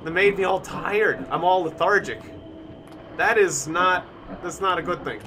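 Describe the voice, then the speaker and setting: A man live-streaming a survival game, talking through his moves as he plays, now and then breaking into shouts. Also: high voice, a little slow, slight background noise. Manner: animated, thinking aloud, bursts of shouting. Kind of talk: live-stream gameplay commentary.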